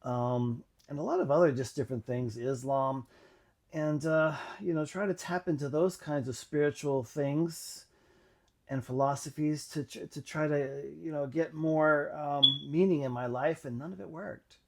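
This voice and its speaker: A man telling his own faith story in a reflective, halting way, with many pauses and fillers. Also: a little high, darkish tone. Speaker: channel host. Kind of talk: personal testimony monologue.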